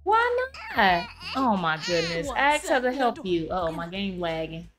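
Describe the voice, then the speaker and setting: A woman hosting a casual let's-play, chatting to her game characters and viewers, her throat rough from allergies. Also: lowish voice, animated, moderate pace, loud music behind the voice. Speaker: gaming channel host.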